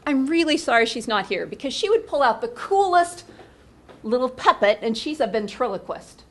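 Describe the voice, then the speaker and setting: A woman teacher running a lively workshop, coaxing the audience into playful call-and-response. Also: high voice, moderate pace.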